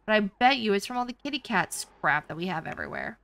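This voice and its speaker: A woman's voice: medium pitch, animated, quick pace, vocal fry, few pauses, pushed and bright, clean tone. A woman hosting a casual let's play, chatty, jokey and exclamatory as she comments on her game. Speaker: gaming channel host.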